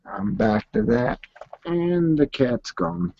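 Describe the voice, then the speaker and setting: A man's voice: mid-range voice, sing-song, takes it slowly, a little mellow, a little hiss or hum. A man hosting a casual late-night voice chat, playful and theatrical, meowing and laughing. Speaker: chat room host. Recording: dull lo-fi dry voice chat audio.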